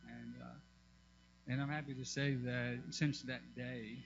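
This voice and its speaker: Guy telling his testimony at church, lots of uhs and restarts, gravelly voice, faint hum in the back. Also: mid-range voice, little pitch movement, muffled recording. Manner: halting, with many fillers and restarts. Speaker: church member giving testimony. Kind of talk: personal testimony to a congregation.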